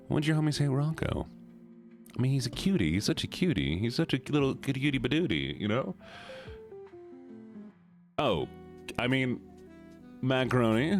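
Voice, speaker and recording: Man, streamer, playful, chatty, lively pitch, faint music behind. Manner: bubbly, playful, chatty with chat. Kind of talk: casual live stream chat.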